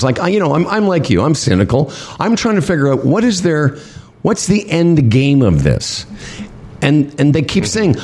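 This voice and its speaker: A man casually telling a story among friends, animated and laughing, acting out what others said. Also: fairly high pitch, moderate pace. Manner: animated, laughing storyteller with lively voiced quotes. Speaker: podcast co-host telling a travel story.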